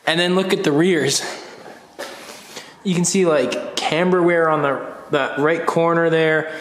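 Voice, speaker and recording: A man vlogging casually in a garage, hoarse and scratchy while recovering from a cold, rambling with fillers and restarts. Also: a little high, fairly even intonation, unhurried. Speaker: car vlogger host. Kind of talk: casual how-to vlog. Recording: echoey garage with long reverb.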